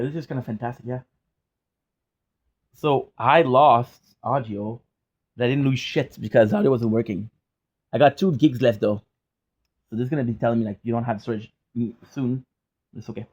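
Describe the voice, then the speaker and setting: A man's voice: medium pitch, normal speed, pauses often, a little mellow, dull audio. A young man chatting casually in a vlog from his apartment, rambling with restarts and casual swearing. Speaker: gaming vlogger. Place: hot apartment.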